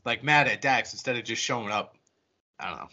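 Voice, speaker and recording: A man casually retelling a film's plot on a podcast, swearing freely and slipping into quick voices for the characters. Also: medium pitch, pushed and bright, lo-fi sound. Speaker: podcast co-host. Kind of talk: casual movie recap.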